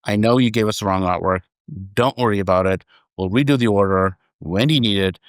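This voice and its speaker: A man being interviewed on a podcast as a company chairman, telling stories in a relaxed, conversational way and acting out the quoted dialogue. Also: fairly low pitch, brisk, dry recording, clean studio sound. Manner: animated storyteller, acts out quoted dialogue.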